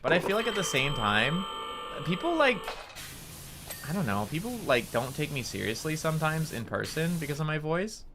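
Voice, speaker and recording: A man's voice: on the high side, big pitch swings, normal speed, pushed and bright, slight background noise. A young man streaming a game, chatting casually and rambling, with a nasal tone. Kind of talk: casual gameplay commentary.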